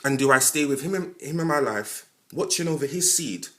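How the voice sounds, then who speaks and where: A man with a London accent delivers a fairly quick, impassioned podcast monologue straight to the listener. He's animated, swinging between loud outbursts and quiet asides, and his speech is packed with heavy London slang.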